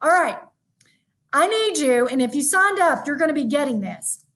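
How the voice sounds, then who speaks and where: A woman giving a lively, emphatic motivational keynote, talking straight to her audience. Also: sits high, moderate pace. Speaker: motivational speaker. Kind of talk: virtual keynote talk.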